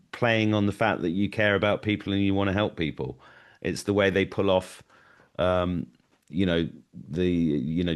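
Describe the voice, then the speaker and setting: An English man talks as a guest in a casual video chat, rambling and searching for his words. His voice is very deep for a man. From England.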